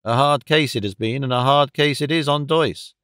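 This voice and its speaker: A man reading the part of an uneasy, earnest middle-aged gentleman who speaks hesitantly and feels he is growing old. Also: mid-range voice, moderate pace, clear, resonant tone, no room sound, studio quality, close to an everyday voice.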